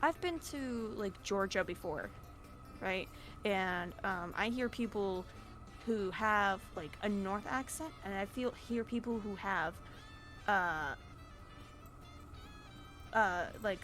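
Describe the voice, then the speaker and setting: Giggly animated woman chatting. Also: medium pitch. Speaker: co-streamer. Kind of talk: casual stream chat.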